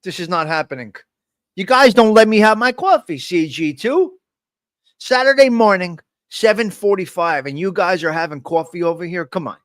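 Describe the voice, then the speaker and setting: Animated and a bit bright, a man with a slightly high voice talks at normal speed while hosting a loose, joking live stream from a desk mic. He keeps addressing viewers by name, and the recording is dry and close, lacking room echo.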